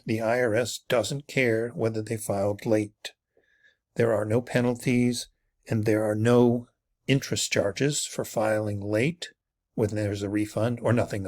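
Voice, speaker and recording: Methodical man teaching tax preparation. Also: mid-range voice. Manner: methodical, explanatory, with occasional self-corrections. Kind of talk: recorded training walkthrough.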